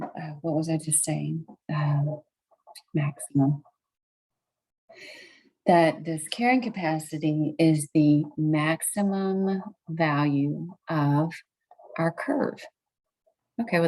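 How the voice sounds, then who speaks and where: A woman's voice: low-pitched, darkish tone, poor audio. A woman, teaching a recorded math lesson late at night, chatty and thinking aloud as she corrects herself.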